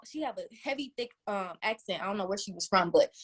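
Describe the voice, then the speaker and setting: A woman from Detroit, a podcast co-host, telling a story in casual chat and swooping up high when she quotes herself. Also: animated, brisk, few pauses, a bit bright.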